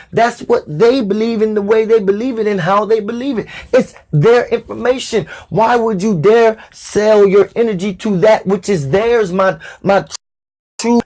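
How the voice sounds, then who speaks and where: A man with a rather high-pitched voice delivers a spiritual podcast sermon. He stresses his points by repeating them and speaks directly to his listener in a preaching manner. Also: a little mellow. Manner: emphatic, repeats phrases for stress; addresses listener as "Divine". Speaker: spiritual teacher.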